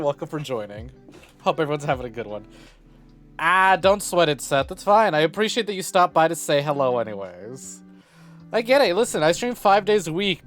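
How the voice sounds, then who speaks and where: A man's voice: on the high side, fairly bright tone. A young man streaming live, greeting his chat over and over and rambling jokily with lots of swearing. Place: home streaming setup.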